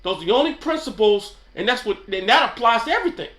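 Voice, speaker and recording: High, bright-voiced New man rambling. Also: expressive, quick pace, reverberant. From New York. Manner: slangy, rambling, keeps asking "you know what I'm saying". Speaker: channel host. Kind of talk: casual off-the-cuff commentary.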